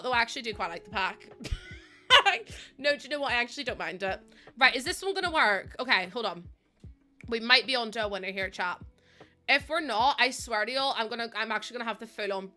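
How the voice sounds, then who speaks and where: Woman streamer chatting to chat, laughs a lot, high bright voice, bit of music underneath. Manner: animated, exclaims and laughs often, talks to chat. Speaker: game streamer. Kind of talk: casual live-stream chat while building in a game.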